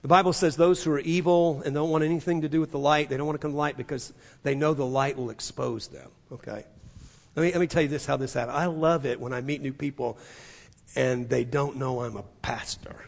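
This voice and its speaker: Male pastor, sermon, gravelly voice, long reverb of a church sanctuary. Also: medium pitch, fairly even intonation, fairly quick. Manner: impassioned preaching that swings from loud emphasis to near-hushed delivery.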